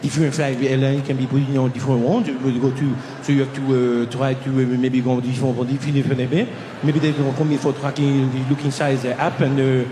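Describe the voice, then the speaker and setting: A man voicing an older French airport information clerk who rambles in halting, broken English with a French accent. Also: mid-range voice, level tone, background noise, pitched below the performer's own voice, lightly acted. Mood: muddled.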